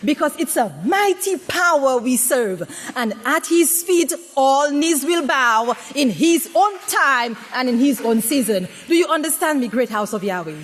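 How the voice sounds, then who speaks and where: A woman giving a dramatic, humorous sermon-style talk to a congregation, swinging between loud exclamations and hushed tones and often asking the audience questions. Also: high voice, expressive, a little slow, hardly any pauses, a little hiss or hum. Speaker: speaker at a women's presentation to a congregation. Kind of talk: preaching with humorous storytelling. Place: congregation gathering.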